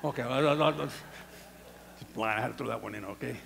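A man preaching a sermon as pastor, animated, dropping to a hush and then rising to shouts. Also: medium pitch, fast, gravelly, slight background noise. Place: church sanctuary. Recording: long church hall reverb.

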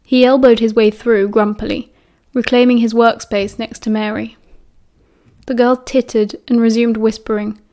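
A British woman narrating a novel audiobook in a steady, even reading voice. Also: on the high side, normal speed.

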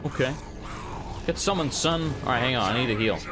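Guy doing a let's play, lively bouncy voice, cussing and yelping, loud game music behind. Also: mid-range voice, brisk. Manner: joking, loud outbursts, swearing. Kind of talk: casual gameplay commentary.

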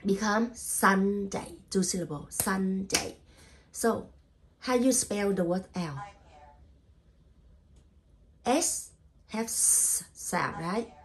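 A woman teaches spelling at an unhurried pace. She sounds out every letter and repeats each word, and her simple phrasing shows English is not her first language. Her voice sits at a medium pitch. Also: animated, slight background noise. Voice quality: non-native English grammar. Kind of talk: spelling lesson.

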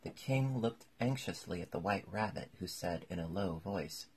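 Gravelly, very husky male storyteller. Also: low-pitched, animated, normal speed, hardly any pauses. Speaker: audiobook narrator. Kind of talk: scripted storybook narration.

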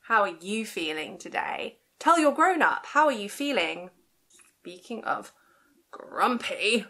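Bright slow-talking woman. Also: mid-range voice, animated. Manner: gentle, sing-song, talks to small children with gasps and whispers. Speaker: children's librarian. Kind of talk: toddler rhyme-time session. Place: library, indoors.

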